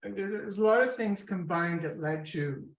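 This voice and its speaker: A woman in her sixties with a Scottish accent, telling her story with lively asides in an interview. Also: on the low side, normal speed. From Scotland. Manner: chatty, animated storyteller with asides. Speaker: guest comedian. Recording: echoey room.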